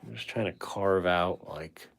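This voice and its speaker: A man's voice: sits low, unhurried, vocal fry. A man hosting a painting livestream, chatting casually with viewers and musing self-critically about his work.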